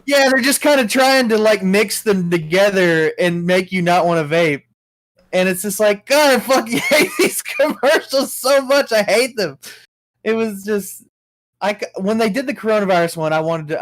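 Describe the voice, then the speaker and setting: A man's voice: sits high, normal speed, no room sound. A man co-hosting a casual talk show, ranting in a rambling, profane way. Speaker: co-host. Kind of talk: casual chat.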